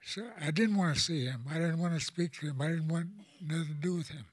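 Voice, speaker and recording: An older man from Oklahoma tells a personal story to an audience in a halting, plain-spoken way, often repeating words as he goes. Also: fairly high pitch, no echo, clean studio sound. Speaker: elder speaker.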